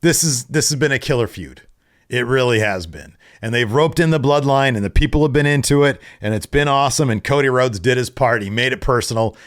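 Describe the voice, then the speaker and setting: A man hosting a wrestling podcast, excitable and profane, grading matches in casual talk and mocking wrestlers in put-on voices. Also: medium pitch.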